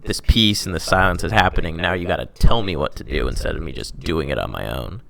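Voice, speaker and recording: Low gravelly young man, rambling chat. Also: fast talker, fairly bright tone. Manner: rambling, heavy use of "like", self-mocking. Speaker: podcast host telling his faith story. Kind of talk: casual chat.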